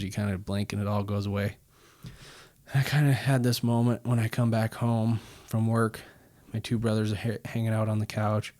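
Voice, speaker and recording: Man, podcast guest, low voice, flat delivery, dry close sound, rambling with fillers. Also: no echo. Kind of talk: casual storytelling.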